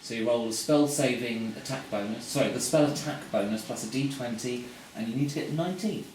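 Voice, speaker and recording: A man runs a tabletop game as game master, describing the action and checking rules with plenty of fillers. He sits away from the mic, and the room rings with heavy echo under steady noise. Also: medium pitch, brisk. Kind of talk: running a tabletop game live. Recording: echoey room, far from the mic, noisy.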